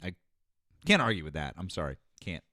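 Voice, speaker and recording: Male host, low lively voice, playful and teasing, dry close sound. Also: a little fast, no echo. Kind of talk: casual live call-in chat.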